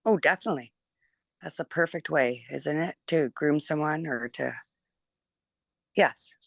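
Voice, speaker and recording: A middle-aged woman, a mother telling her story in an interview, chatty and animated, filling her talk with 'like' and acting out what people said. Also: low-pitched, unhurried, gravelly, no room sound. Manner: chatty and animated, full of 'like' and acted-out quotes. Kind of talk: emotional personal recollection.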